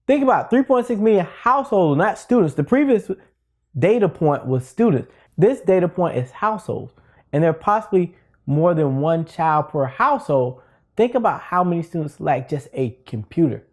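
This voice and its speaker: Animated, playful man teaching to camera. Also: on the high side, moderate pace. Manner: playful, conversational, riffs and asides. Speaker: teacher and education video host. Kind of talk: casual video lesson.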